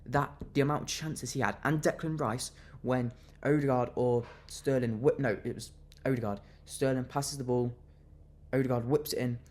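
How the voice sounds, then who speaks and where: A man's voice: mid-range voice, steady tone, normal speed, darkish tone. Angry young man ranting about football. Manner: fuming, repetitive, venting. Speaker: football fan vlogger. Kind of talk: angry fan reaction rant.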